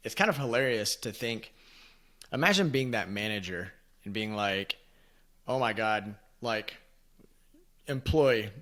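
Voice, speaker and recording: A man co-hosting a podcast in an easygoing, casual way. He laughs often, swears in passing, and rambles a little through his anecdote. His voice sits at a middle pitch. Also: fairly bright tone. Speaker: podcast co-host. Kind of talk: casual chat.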